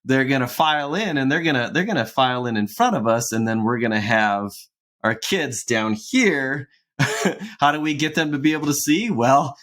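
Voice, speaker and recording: A man of ordinary pitch talks loosely and at length in a relaxed podcast conversation. He restarts his sentences often and laughs lightly as he goes. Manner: rambling, with frequent restarts and soft laughs. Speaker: podcast co-host. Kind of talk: casual conversational podcast chat.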